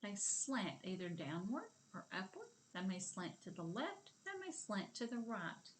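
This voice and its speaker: A woman with a Southern American accent teaching a kindergarten video lesson, speaking slowly and encouragingly and stretching sentences out word by word. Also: mid-range voice, very animated, slight background noise. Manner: slow, drawn-out, encouraging, claps words aloud.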